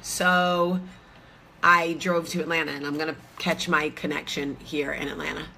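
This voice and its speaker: A woman's voice: low voice, little pitch movement, moderate pace, vocal fry, bright, forceful tone, a little hiss or hum. A woman, in her thirties, chatting casually and rambling to viewers from a hotel room, with lots of fillers. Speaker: vlogger host.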